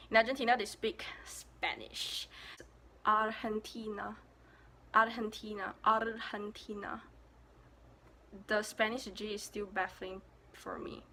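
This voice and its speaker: A young Malaysian woman vlogs casually about pronunciation, repeating words as she attempts them in a playful, self-mocking way. Her voice is mid-range and a bit bright, with a little hiss or hum in the background.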